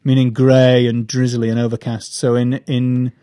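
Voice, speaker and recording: A man's voice: mid-range voice, monotone, moderate pace, mellow. A young man who is a comedian guest, chatting casually in a rambling, self-deprecating way with many restarts. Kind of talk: casual live chat.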